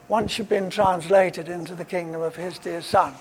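A man's voice: high voice, fairly even intonation, moderate pace, hardly any pauses, slightly rough. A man preaching a sermon, emphatic and repeating his key phrases for weight. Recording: long hall reverb.

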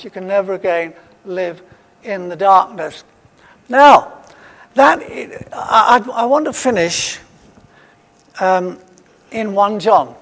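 A man preaching a sermon, emphatic and repeating his key phrases for weight. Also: sits high. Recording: long hall reverb.

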